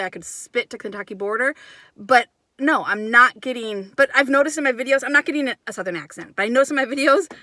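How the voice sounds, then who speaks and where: A woman's voice: a little high, sharp tone, no room sound. A middle-aged woman from Wisconsin, telling a rambling story in a casual vlog, often cutting herself off. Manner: chatty, rambling, self-interrupting. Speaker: homesteading vlogger.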